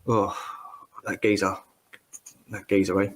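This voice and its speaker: A man's voice: lowish voice, steady tone, moderate pace, pauses often. A man ranting in casual chat, rambling and swearing as he gets heated.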